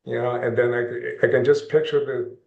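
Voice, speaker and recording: A man guest in an interview, talking about film equipment in a calm, matter-of-fact way. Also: medium pitch, moderate pace, echoey room, highs cut off. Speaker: interview guest, camera dolly supplier. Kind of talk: casual interview.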